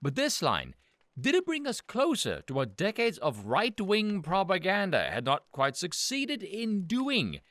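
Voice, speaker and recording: A man's voice: high-pitched, wildly swooping pitch, a little slow, fairly bright tone, dry recording. A man delivering an angry, sarcastic, profane political rant as host of his commentary channel.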